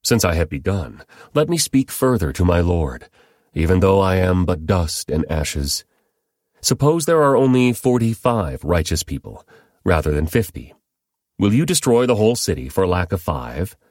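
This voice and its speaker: A man's voice: low-pitched, very animated, normal speed, a little mellow, no room sound, studio quality. A man voicing a humble old patriarch who pleads and bargains earnestly, in a Bible reading. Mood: earnest pleading.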